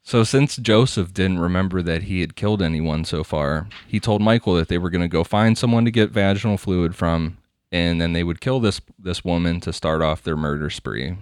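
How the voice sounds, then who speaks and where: A man's voice: deep voice, moderate pace, smooth, no room sound, studio quality. A man hosting a podcast, telling a crime story in a casual, crude, laughing way. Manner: laughing, crude, conversational narration. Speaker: podcast host.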